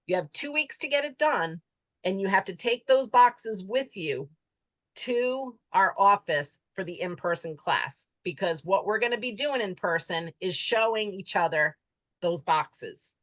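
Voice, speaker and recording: A woman's voice: medium pitch, expressive, unhurried, a bit bright, no room sound, low-quality recording. Chatty woman leading an online class. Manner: friendly, chatty, says she is losing her voice. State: hoarse. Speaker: class leader.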